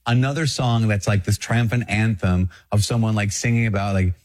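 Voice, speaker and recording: A middle-aged man, a priest, giving an earnest, animated talk with lively self-mocking asides. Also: lowish voice, brisk, few pauses. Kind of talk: podcast homily and video talk.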